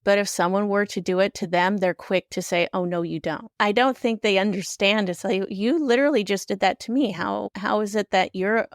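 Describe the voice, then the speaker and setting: A woman's voice: mid-range voice, moderate pace, hardly any pauses, no room sound, clean studio sound. A woman hosting a podcast interview, talking in a sympathetic, reflective way. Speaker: podcast host. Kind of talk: casual interview chat.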